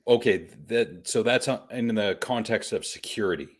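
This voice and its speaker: A man's voice: on the low side, normal speed. A man hosting a casual podcast, bantering and chuckling often. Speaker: podcast host. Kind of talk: casual chat.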